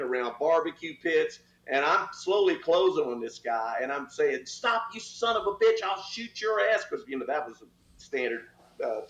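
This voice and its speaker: Older retired cop telling war stories. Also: male voice, fairly high pitch. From Texas. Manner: animated storyteller, acts out voices. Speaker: retired police officer. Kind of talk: storytelling interview. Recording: roomy, slightly dull sound.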